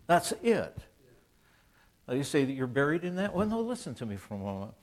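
A man's voice: mid-range voice, sing-song, a little fast. A man in his seventies, a Christian author, gives an informal, conversational preaching talk. He rambles with restarts and asides, and he acts out quoted dialogue in an earnest, plainspoken way. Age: 70s.

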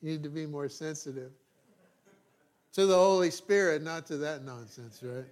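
A male pastor delivers a sermon, reading scripture aloud with emphasis before slipping into conversational asides and sudden quiet remarks. His voice is on the high side and moves at normal speed.

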